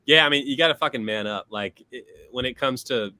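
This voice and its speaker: Bright-voiced man, earnest and profane. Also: medium pitch, fairly quick, no room sound. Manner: earnest, profane, reflective storytelling. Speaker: podcast guest. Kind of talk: casual podcast chat.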